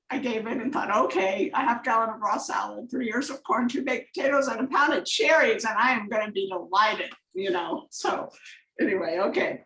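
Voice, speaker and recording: A woman with a somewhat high voice talks through slides on a video call, chatty and rambling, often drifting into personal stories. Her voice sounds roomy and echoey. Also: a bit bright. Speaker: guest presenter on a coaching call. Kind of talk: conversational slide presentation.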